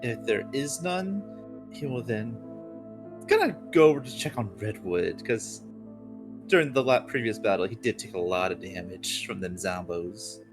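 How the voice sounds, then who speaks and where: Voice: medium pitch, animated, moderate pace, music in the background. A player in a tabletop game casually describing their character's actions in the third person.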